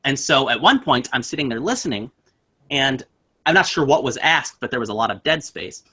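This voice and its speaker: Young man, bright forceful tone, animated casual ghost-story teller. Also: medium pitch, fairly quick, husky. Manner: animated, acts out voices in his story.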